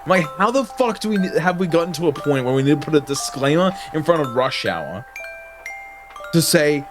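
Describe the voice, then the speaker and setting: A young man livestreaming, ranting casually to his chat in an animated, heavily profane, slangy way. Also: a little high, brisk. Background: music.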